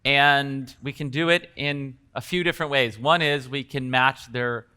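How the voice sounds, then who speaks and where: A man's voice: medium pitch, steady tone, a little slow, sharp tone, clean tone. A man teaching coaches at a live workshop in a conversational way, acting out bits of example dialogue. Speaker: coaching trainer.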